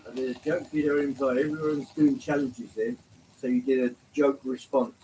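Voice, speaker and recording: A man's voice: medium pitch, level tone, moderate pace, dark tone, slight background noise, low-quality recording. A man with an English accent with a touch of London, hosting a casual live stream, chatting easily, greeting viewers by name and swearing lightly. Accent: English, slight London. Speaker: livestream host.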